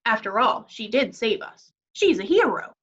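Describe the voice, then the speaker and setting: A woman's voice: fairly high pitch, sing-song, normal speed, a bit bright, slightly rough, exaggerated voice. A woman reading aloud, voicing a proper, self-assured father who speaks formally. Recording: dull lo-fi recording.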